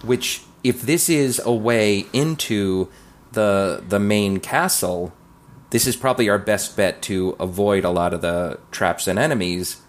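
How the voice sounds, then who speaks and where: A man playing a tabletop game, reasoning aloud in a slow, thoughtful way. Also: fairly low pitch. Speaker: player.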